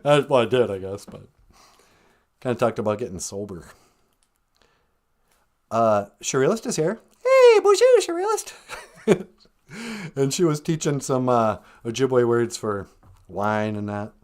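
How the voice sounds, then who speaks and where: Guy chatting slow on his live stream, voice goes up and down a lot, chuckles here and there. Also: medium pitch, animated. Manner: unhurried, musing, chuckles often. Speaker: live-stream podcast host teaching Ojibwe words. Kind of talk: casual live-stream chat.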